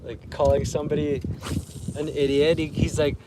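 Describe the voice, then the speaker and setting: A man's voice: on the high side, little pitch movement, normal speed, very noisy. Laid-back man chatting with livestream viewers. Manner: laid-back, laughs often, reads chat aloud. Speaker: fishing livestreamer. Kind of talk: casual live-stream chat. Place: outdoors on a lake in a canoe.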